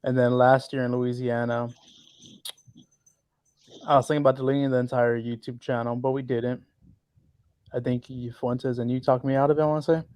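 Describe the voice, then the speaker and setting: A man's voice: mid-range voice, level tone, moderate pace, long pauses, darkish tone, no room sound. A young man chatting casually on a podcast about the history of his channel, loose and rambling, swearing freely. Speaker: channel co-founder.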